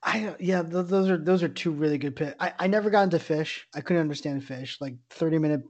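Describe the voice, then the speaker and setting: Easygoing man with a higher voice. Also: brisk. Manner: easygoing, agreeable, asks questions. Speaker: podcast host. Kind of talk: casual chat.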